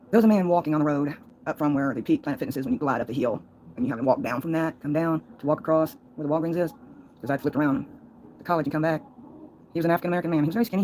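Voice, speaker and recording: A woman's voice: sits low, darkish tone, a little hiss or hum, low-quality recording. A woman livestreaming a long, folksy, rambling monologue, laughing between thoughts.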